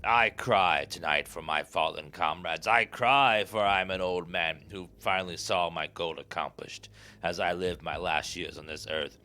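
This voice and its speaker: A grave old leader of vampire hunters , put on by a man reading game notes aloud declaims to his brothers slowly and solemnly in a mock British style. The voice sits low yet sounds bright and forceful. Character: old male vampire-hunter founder giving a rousing speech.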